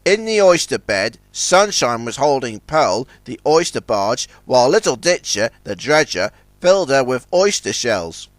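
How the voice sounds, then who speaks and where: A man narrating a children's storybook in a scripted, expressive reading. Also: mid-range voice, a little slow, hardly any pauses, dry recording.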